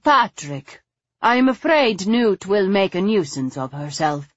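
A woman reading the part of a harried aristocratic hostess, in a brisk, apologetic manner. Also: mid-range voice, sing-song, no room sound, highs cut off.

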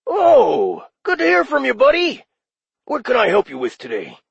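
A man voicing a friendly male demon phone operator with a raspy voice and chummy customer-service patter, in an audiobook. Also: extremely high pitch, wildly swooping pitch, moderate pace, dry recording, highs cut off, pitched above the performer's own voice, exaggerated voice. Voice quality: raspy, gravelly. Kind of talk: audiobook character voice.

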